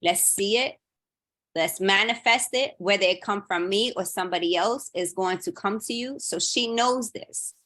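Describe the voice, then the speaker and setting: A woman's voice: mid-range voice, moderate pace. A woman in her thirties chatting casually on a podcast, telling a family story and acting out what each person said. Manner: animated storyteller, acting out quotes. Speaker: audience member sharing a story. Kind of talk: casual chat.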